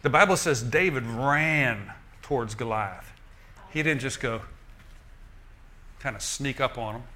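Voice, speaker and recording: Lively male preacher, folksy, joking, bright tone. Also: mid-range voice, a little slow. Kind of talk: sermon.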